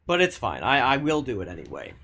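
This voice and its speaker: A man's voice: mid-range voice, huge pitch swings, fast, creaky, bright, forceful tone, slight background noise. A man streaming a game and talking casually with his viewers, arguing bluntly and swearing often, with frequent restarts. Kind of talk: casual live-stream chat reading viewer comments.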